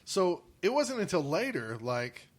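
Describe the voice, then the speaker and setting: A man's voice: high-pitched, a little slow, crowd noise. A man co-hosting a podcast, telling stories in casual chat and laughing often. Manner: animated storytelling, laughs often. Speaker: podcast co-host.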